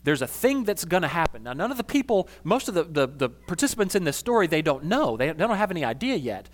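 A man preaching a conversational sermon as a pastor, casual and animated, with slangy asides. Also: fairly high pitch, quick pace, slight background noise.

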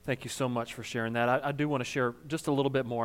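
A man's voice: mid-range voice, little pitch movement, fast. A male pastor speaking conversationally to his congregation, sharing a story about a church member. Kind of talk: informal sermon.

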